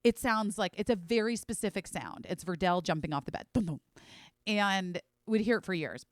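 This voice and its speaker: A woman's voice: medium pitch, brisk, no echo, clean studio sound. A woman in her forties hosting a podcast, telling a rambling story full of "like" and the odd swear word. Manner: rambling, animated, heavy on "like" and swearing. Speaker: podcast host. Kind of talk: casual storytelling chat.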